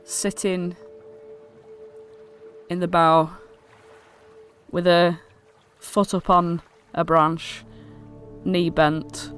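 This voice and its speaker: A game master narrating a tabletop scene in a dreamy, unhurried way. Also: female voice, lowish voice, flat delivery, soft background music.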